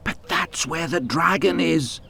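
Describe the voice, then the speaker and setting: A man's voice: a little slow, gravelly, heavily acted. A man voicing an eager little tank engine. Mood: anxious. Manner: eager, excitable, high and bright.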